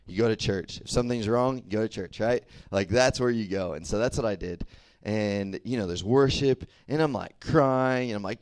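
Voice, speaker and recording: A man's voice: on the low side, moderate pace, darkish tone, dry recording. A young man from the American South preaching a casual sermon and checking in with listeners with frequent "right?" and "okay?". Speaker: youth preacher.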